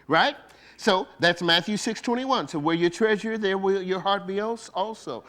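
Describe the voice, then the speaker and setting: A man preaching as a bishop keeps things conversational and playful, throwing rhetorical questions at the congregation and laughing between points. His voice is high-pitched and a bit bright, at normal speed.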